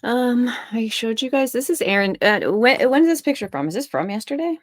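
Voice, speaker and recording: A woman hosting a casual chat stream, blunt and teasing, thinking out loud. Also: fairly high pitch, animated, a little fast, dry recording, clean studio sound. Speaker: stream host.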